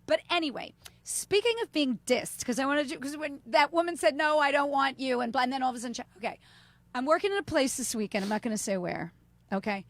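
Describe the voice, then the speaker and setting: Chatty woman podcast host, high voice, dry close sound, rambles and laughs. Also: fast, no echo. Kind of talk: casual podcast chat.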